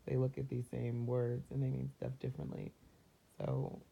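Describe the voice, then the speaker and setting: Woman, casual motivational talk, chatty and upbeat, husky, dull lo-fi sound. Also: very deep voice, completely flat delivery, warm tone. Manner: chatty and upbeat, laughs often, acts out quick voices. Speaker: self-help vlogger. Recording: dull lo-fi recording.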